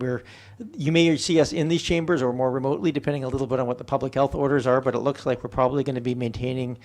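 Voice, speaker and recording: A man chairing a council meeting as mayor, speaking in a measured, procedural and slightly hesitant way in a council chamber. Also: mid-range voice, a little mellow.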